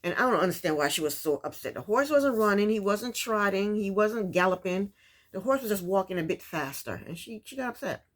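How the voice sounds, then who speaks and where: A woman's voice: medium pitch, lively intonation, fairly quick. Woman host, casual recap chatter, blunt and opinionated. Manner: opinionated, chatty, rhetorical asides to the cast.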